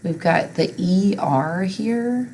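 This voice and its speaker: A woman's voice: mid-range voice, lively intonation, slow, darkish tone, slight background noise, low-quality recording. A woman teacher patiently walking learners through a recorded reading lesson step by step.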